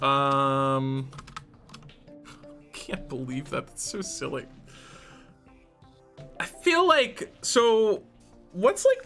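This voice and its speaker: Excitable streamer with a lively, bright voice. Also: mid-range voice. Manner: excitable, jumping between shrieks and muttering. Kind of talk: live gameplay commentary.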